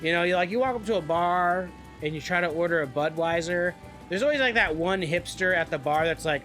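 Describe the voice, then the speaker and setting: A man's voice: high voice, fairly quick, fairly bright tone, soft background music. A young man streaming a game live, rambling and joking in casual chat and swearing freely. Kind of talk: casual gaming livestream chat.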